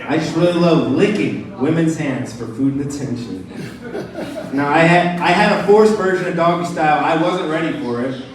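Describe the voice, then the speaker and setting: A man doing a stand-up comedy set and hosting the show, telling crude stories in a brash, animated way. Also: a little high, moderate pace, far from the mic. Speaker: stand-up comic and show host. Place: small comedy club stage. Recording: echoey room miked from afar, crowd heard. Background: audience laughter.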